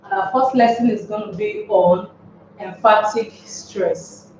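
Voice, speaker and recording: A woman's voice: mid-range voice, a little slow, a little mellow, a little hiss or hum. A woman teaching an English lesson, posing rhetorical questions to her class and then answering them herself. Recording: echoey room, distant mic, dull sound.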